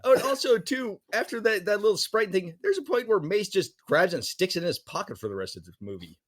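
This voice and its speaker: A man's voice: sits high, big pitch swings, fairly quick, slightly rough. A man co-hosting a podcast in casual chat, joking and riffing in silly put-on voices. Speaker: podcast co-host.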